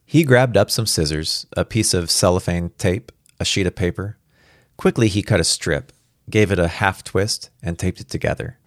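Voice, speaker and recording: A man narrating a first-person story aloud in a measured, even way. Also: low voice, dry recording, clean studio sound. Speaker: audiobook narrator.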